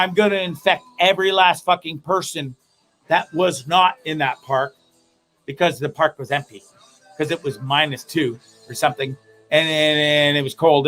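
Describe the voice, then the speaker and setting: A man hosting a comedic live show, telling stories in a rambling, profane, animated way. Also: fairly high pitch. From Canada. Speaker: host.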